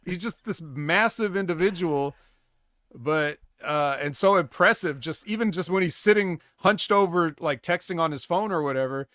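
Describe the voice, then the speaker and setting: A man's voice: a little high, moderate pace, a bit bright, no room sound, clean studio sound. Rambling man in casual podcast chat. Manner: rambling, many "like" fillers and restarts. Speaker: podcast co-host.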